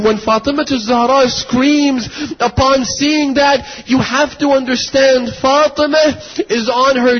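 A man preaching a sermon, telling a story with rising passion and crying shouts. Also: very high-pitched. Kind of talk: impassioned religious sermon. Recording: dull lo-fi recording.

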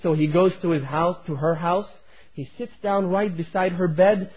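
A man delivers an emotive sermon, retelling a story to his congregation. His voice is fairly high and husky. The sound is thin and phone-like. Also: fairly even intonation, normal speed. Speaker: preacher. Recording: tinny phone-like recording.

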